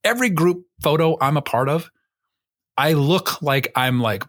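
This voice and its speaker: A man's voice: a little high, moderate pace, fairly bright tone. A man co-hosting a podcast in casual chat, rambling and self-mocking, swearing freely. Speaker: podcast co-host.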